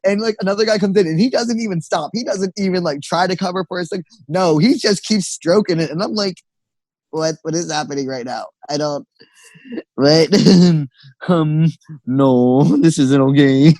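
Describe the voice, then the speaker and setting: A man's voice: high voice, normal speed, a little mellow, no echo, poor audio. A young man in casual podcast chat, telling stories with sassy quoted asides and lots of swearing. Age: young adult. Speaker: podcast co-host.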